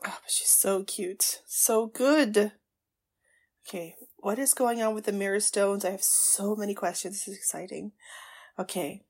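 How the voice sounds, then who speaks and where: A woman podcast host gushing through a casual watchalong, with excitable reactions, gasps and exclamations, and tearful at times. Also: medium pitch, unhurried, slightly rough.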